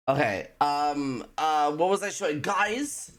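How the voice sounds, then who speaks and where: A woman streaming a game, chatting casually and giggling with her chat. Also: sits low. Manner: giggly, animated, talks to chat.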